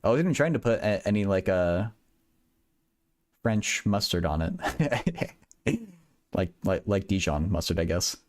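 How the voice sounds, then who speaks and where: A man's voice: sits low, lively intonation, brisk, darkish tone. A young man hosting a livestream, chatting casually with viewers about a physics problem, rambling and laughing at himself with lots of repeated words. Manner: rambling, self-deprecating, giggly, stammers with repeated words. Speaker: livestream host solving math and physics problems.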